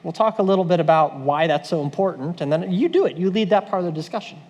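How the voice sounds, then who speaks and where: A man's voice: sits high, lively intonation, quick pace, darkish tone, long reverb tail. A man leading a church leadership training, talking conversationally and acting out quoted voices.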